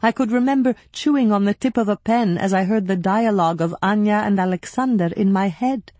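A woman's voice: medium pitch, brisk, warm tone, dry recording. A woman narrating an audiobook, dry and close. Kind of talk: scripted narration.

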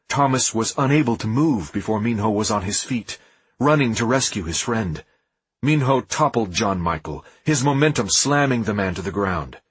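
A man reading an audiobook in a dramatic, expressive scripted narration. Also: lowish voice, slightly rough, no room sound.

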